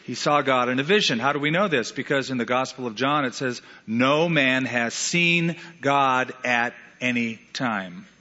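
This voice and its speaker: A man preaching an animated sermon, stressing words through repetition. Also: medium pitch, measured pace, hardly any pauses, big-room sound, dull audio. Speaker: pastor.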